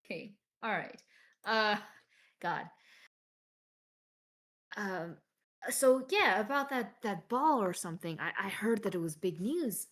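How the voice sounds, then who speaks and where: A woman's voice: mid-range voice, lively intonation, slow, long pauses, a bit bright. A woman playing a weary, drifting former bodyguard in a tabletop game, speaking politely in a hesitant, rambling way. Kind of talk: tabletop role-play in character.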